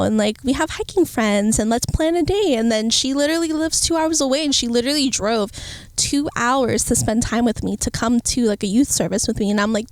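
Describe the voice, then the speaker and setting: A woman in her twenties vlogging in casual chat, talking with lots of "like" fillers and lively quoted asides, into an earpiece mic. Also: a little high, fairly quick, no room sound. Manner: chatty, full of "like" fillers, animated quoting.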